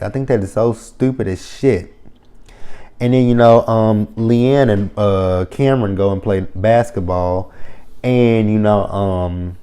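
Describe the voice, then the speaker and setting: A man's voice: lowish voice, a little slow, mellow, clear, resonant tone. A man giving a casual, opinionated TV review, blunt and heavily profane, with lots of fillers like "you know" and "um". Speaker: reality TV reviewer. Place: lives near the area the show covers.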